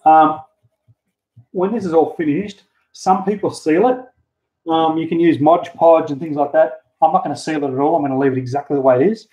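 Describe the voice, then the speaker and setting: A man's voice: fairly high pitch, fairly quick. Chatty man on dull camera audio. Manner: relaxed, chatty, mildly profane, talks while working. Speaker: hobby model builder, channel host. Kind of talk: casual how-to crafting chat. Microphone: handheld camera mic.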